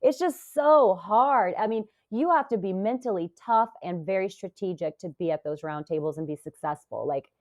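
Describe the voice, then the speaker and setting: A woman in her forties, a podcast guest, talking casually and telling stories with lively acted-out quotes. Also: medium pitch, normal speed, few pauses. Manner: animated storytelling, acts out quoted voices. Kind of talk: casual interview talk.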